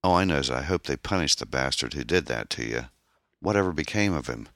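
A man's voice: a bass voice, lively intonation, brisk, a bit bright, no echo, studio quality, full character voice. A man voicing a caring young man who speaks in an earnest, reassuring way.

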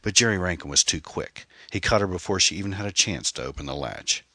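A man narrates a mystery audiobook in a steady, suspenseful manner. His voice sits very low, husky and forceful. The recording is dry and close. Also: fast, dry recording.

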